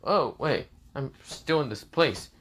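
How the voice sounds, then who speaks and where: A man's voice: medium pitch, animated, takes it slowly, a bit bright, husky, full character voice. A man voicing a teenage boy who keeps getting lost, exasperated and swearing.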